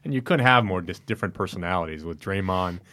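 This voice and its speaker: A man discussing basketball in a measured way and asking his co-host questions. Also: sits low, sharp tone. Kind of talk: casual sports discussion.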